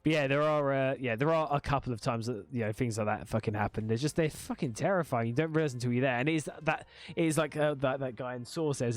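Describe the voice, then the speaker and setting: A man's voice: mid-range voice, fast talker, few pauses, faint music behind. A man hosting a casual interview, agreeing often and talking loosely with many fillers. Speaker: interviewer, host.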